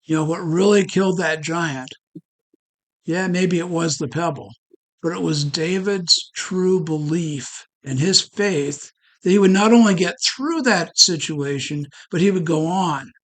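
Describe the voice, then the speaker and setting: A man telling a motivational story at a networking meeting, animated and full of rhetorical questions. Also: fairly high pitch, a little slow, rough recording.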